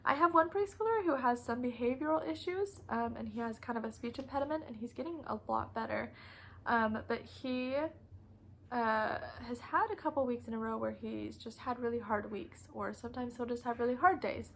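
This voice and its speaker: In this vlog, a young woman who teaches preschool chats about her classroom, laughing frequently and mimicking the children. She speaks at normal speed in a voice on the high side, over a rough recording with slight background noise.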